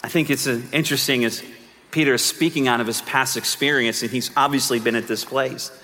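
A pastor delivers a sermon in a church sanctuary, earnest and conversational, frequently restarting sentences. His mid-range voice has a steady, sharp tone and moves a little fast. Long church reverb and slight background noise are audible.

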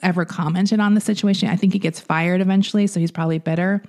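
A woman with a fairly low voice hosts a chatty podcast and walks a listener through a story she read. She talks it through plainly, with small hesitations and restarts. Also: fairly even intonation, fast talker, a little mellow. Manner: retells a story from a book in a conversational, hesitant way. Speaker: podcast host. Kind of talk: casual storytelling chat.

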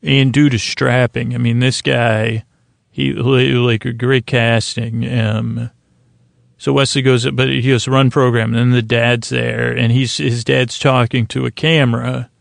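A man's voice: mid-range voice, little pitch movement, measured pace, vocal fry, dry recording, clean studio sound. A man hosting a sleep podcast, casually recapping a TV episode in a meandering, earnest way. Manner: meandering, many restarts and fillers, quietly earnest.

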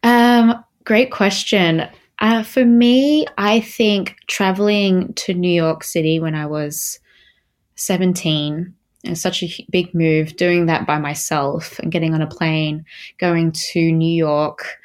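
Invitée australienne, jeune femme, voix plutôt grave, parle de façon détendue avec beaucoup d'hésitations. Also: female voice, fairly low pitch, steady tone, slow pace. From Australia (Melbourne). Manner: chatty, many fillers and restarts, laughs easily. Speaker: guest, model. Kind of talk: casual interview chat.

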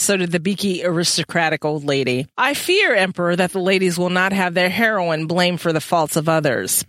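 A woman's voice: lowish voice, fairly bright tone, dry recording. A woman co-hosting a casual podcast, reading passages from a novel aloud and breaking off to joke and laugh.

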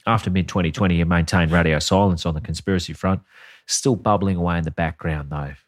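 Very deep-voiced, this podcast co-host tells a story on a casual comedy show, his sardonic delivery peppered with swearing as he reads quotes aloud. The studio-quality recording has no room sound.

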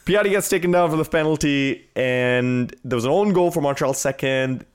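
A man's voice: on the high side, moderate pace, a little hiss or hum. A man hosting a casual sports podcast, joking crudely and ranting with energy. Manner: crude joking, animated rants. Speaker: podcast host.

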